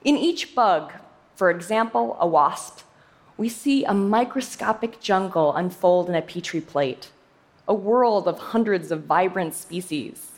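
A young woman scientist gives a prepared talk in a fairly low voice, speaking a little slowly. Her delivery has lively emphasis, and she slips in playful asides.

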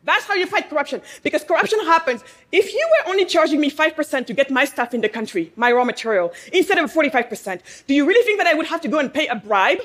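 A woman with a high voice speaks to a live audience in a room. She delivers a passionate speech as a business owner, throwing out rhetorical questions and pausing to let points land. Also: animated, fairly bright tone. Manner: emphatic, with pauses for effect.

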